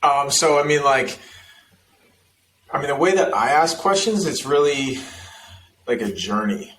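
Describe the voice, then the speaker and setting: A man hosting a casual sales podcast, talking in a relaxed, rambling way. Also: medium pitch, unhurried, poor audio. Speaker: host.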